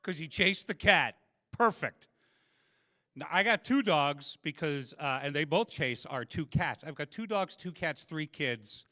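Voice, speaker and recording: A man performing a stand-up comedy set at a convention, chatting with the crowd and landing deadpan punchlines into a handheld mic. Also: on the high side, unhurried, no room sound, clean studio sound.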